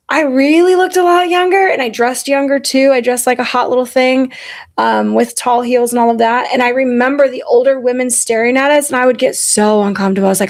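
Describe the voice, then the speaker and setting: A woman in her forties, a podcast host telling candid stories in casual chat, blunt and profane. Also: high-pitched. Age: 40s. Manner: blunt and profane, animated storytelling.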